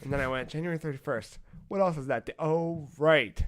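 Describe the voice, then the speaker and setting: A man's voice: fairly high pitch, a little fast. A man hosting a casual podcast, joking and laughing often as he wraps up the episode. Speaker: podcast host.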